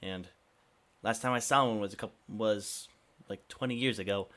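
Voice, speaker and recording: A man's voice: fairly low pitch, normal speed, pitched below the performer's own voice, natural voice. A man voicing a small, friendly male shopkeeper who is an eager salesman with a chirpy manner. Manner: chirpy, eager, rising excitement.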